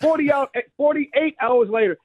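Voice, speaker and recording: A man of about fifty telling funny family stories in a casual chat, co-hosting a show and jumping higher whenever he quotes someone. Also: moderate pace, no echo. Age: 50s. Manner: animated storyteller, jumps higher for quoted voices. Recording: tinny phone-like radio sound.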